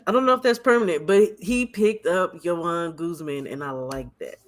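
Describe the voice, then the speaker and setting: Animated man chatting on a livestream. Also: a little high, moderate pace. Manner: animated, laughs often, repeats himself. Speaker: livestream host. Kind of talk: casual boxing chat.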